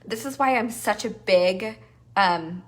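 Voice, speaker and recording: A woman business coach teaching a live masterclass, animated and playful, acting out the voices in people's heads. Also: mid-range voice, takes it slowly.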